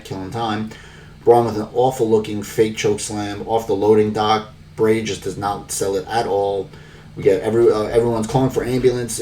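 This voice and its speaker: Male podcast host, lowish voice, loose and wry, filler-heavy; slightly distant mic with faint background noise. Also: warm tone. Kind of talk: casual wrestling recap.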